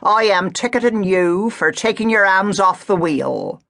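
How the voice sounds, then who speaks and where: A woman's voice: medium pitch, animated, measured pace, creaky, fairly bright tone, pitched above the performer's own voice. A woman narrating an audiobook, voicing a stolid, squat male country policeman with a thick Gloucestershire accent. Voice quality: thick accent, blunt and unbudging.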